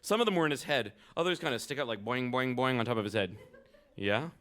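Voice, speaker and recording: A man's voice: medium pitch, animated, fast, fairly bright tone. A man reading a picture book aloud to children at a live event, playful and asking the kids for details.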